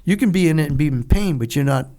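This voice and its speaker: This former Navy SEAL guest, an older man, talks fast and animatedly in a fairly high, dark-toned voice. His casual interview stories ramble, and he keeps laughing and performing other people's voices as he quotes them.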